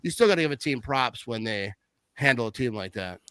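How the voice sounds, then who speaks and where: A man talking casually about football, rambling with lots of fillers and animated swings in his voice. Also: mid-range voice, a little fast, clear, resonant tone, dry recording. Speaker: podcast guest. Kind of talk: casual sports chat.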